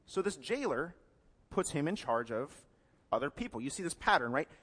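A man preaching a sermon to a congregation, retelling a story in a casual, wry way with asides and quick self-corrections. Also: a little high, big pitch swings, fairly bright tone, long reverb tail. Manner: corrects himself mid-sentence. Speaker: pastor.

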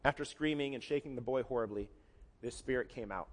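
Pastor preaching in a reverberant hall. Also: male voice, medium pitch, brisk. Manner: conversational, acts out quotes in varied voices. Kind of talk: sermon.

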